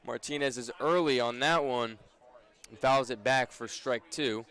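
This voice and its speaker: A young man doing brisk radio play-by-play of a baseball game, his voice rising on big plays. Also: mid-range voice, a bit bright, smooth. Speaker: play-by-play announcer.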